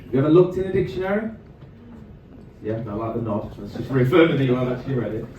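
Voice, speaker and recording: Stand-up comic, lively and echoey. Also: male voice, mid-range voice, lo-fi sound. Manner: chatty crowd work, quick asides to the audience. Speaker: stand-up comedian. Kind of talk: stand-up comedy set. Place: comedy club stage before a live audience. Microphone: handheld stage microphone. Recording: far-off echoey club recording with noise.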